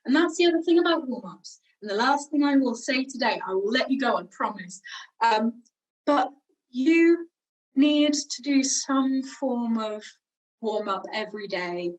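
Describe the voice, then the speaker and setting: A woman's voice: fairly high pitch, animated, measured pace, distant mic, poor audio. A young woman teaching singing, chatty and encouraging, demonstrating each sound. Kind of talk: online vocal warm-up lesson.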